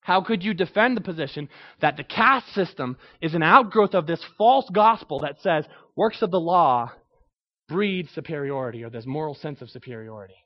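High-voiced man preaching a sermon. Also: expressive, moderate pace, highs cut off. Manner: conversational, asks the audience questions. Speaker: pastor.

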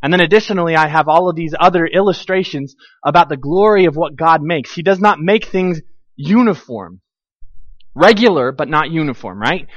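A middle-aged man preaching a sermon with a fairly high voice, animated and storytelling, acting out the people he quotes. The sound is dry and a little dull, with no room echo. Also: normal speed. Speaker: pastor.

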